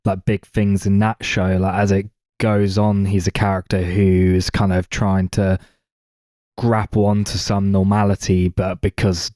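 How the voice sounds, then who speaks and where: Flat, low-voiced man. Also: unhurried, no echo, clean studio sound. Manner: laid-back, hedging with "kind of" and "like". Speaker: podcast co-host. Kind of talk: casual film chat.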